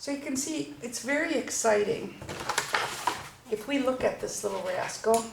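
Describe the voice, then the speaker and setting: Gravelly woman teaching watercolor. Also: a little high, animated, normal speed. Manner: enthusiastic, chatty while working. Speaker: watercolor instructor. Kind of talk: painting demonstration. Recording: echoey room with faint noise.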